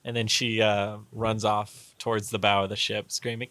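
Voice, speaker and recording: A man's voice: on the low side, flat delivery, moderate pace, a bit bright, no echo. A man narrating as game master in a tabletop game, rambling with lots of fillers and restarts. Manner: rambling, hesitant, many fillers.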